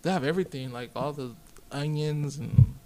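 On a podcast, a young man casually recounts a long story, swearing, voicing both people, and quoting himself frequently. His voice is a little high with a dark tone and a normal speed, and there's a bit of hiss or hum on the recording.

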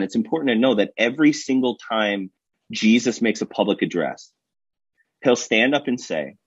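Husky-voiced animated male pastor. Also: lowish voice, moderate pace, dry recording, muffled recording. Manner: animated, storytelling, acts out quotes. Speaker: guest pastor. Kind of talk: casual podcast discussion.

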